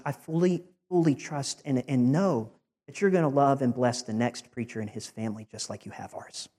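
Heartfelt preacher in a ringing hall. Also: male voice, mid-range voice, darkish tone. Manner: heartfelt, building to emphatic rising declarations. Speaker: departing preacher. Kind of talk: farewell sermon.

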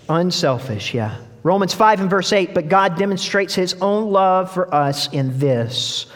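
A man's voice: sits high, a bit bright. A young man preaching a sermon to his congregation in a casual, storytelling way, often restarting his sentences. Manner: conversational, storytelling, frequent restarts. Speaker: pastor. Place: church sanctuary. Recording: long hall reverb.

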